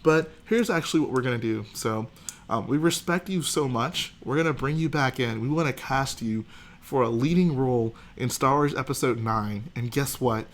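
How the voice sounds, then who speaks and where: A man's voice: medium pitch, normal speed, lightly acted. A man doing a light impression of a woman studio executive, sweetly apologetic and patronizing. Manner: overly sweet, falsely apologetic.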